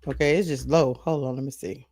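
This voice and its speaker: A man's voice: mid-range voice, fairly even intonation, a little fast, darkish tone, breathy edge. A man hosting a live sports talk stream, chatting casually, greeting viewers by name and thinking aloud.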